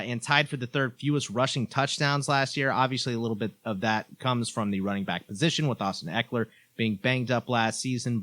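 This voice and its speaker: A man's voice: mid-range voice, fairly bright tone, no echo. A man talking as a guest on a sports podcast, methodically laying out team stats. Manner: stat-heavy, methodical. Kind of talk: casual sports chat.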